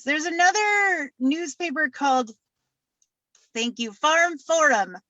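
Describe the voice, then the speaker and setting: A woman doing a stand-up comedy set, deadpan, with many fillers and repeated punchlines. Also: high voice, slow, no room sound.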